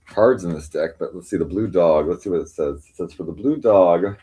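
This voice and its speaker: A man hosts a casual livestream from home and reads strange fortune cards aloud. His voice sits low and mellow. He rambles, piles up fillers, and reels off lists of meanings. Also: brisk, poor audio. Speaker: livestream host reading cards.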